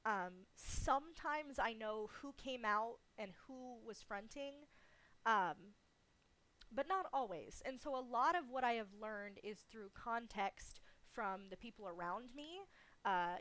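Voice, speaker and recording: A woman's voice: fairly high pitch, animated, measured pace, fairly bright tone. A woman streamer talking casually and candidly in a livestream Q&A, swearing freely and laughing often.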